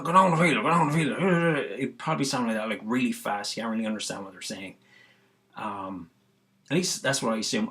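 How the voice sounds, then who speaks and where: Irish man, casual vlogger, rambling and full of fillers, a bit low in pitch. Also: a bit bright. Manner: rambling, heavy on fillers and restarts. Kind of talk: casual musing monologue.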